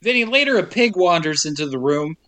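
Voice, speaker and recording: A man with a bright, slightly high voice tells a movie story for a podcast. He acts out the characters' lines with playful, swearing humor. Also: expressive, a little fast, smooth. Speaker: podcast co-host. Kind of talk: casual movie recap chat.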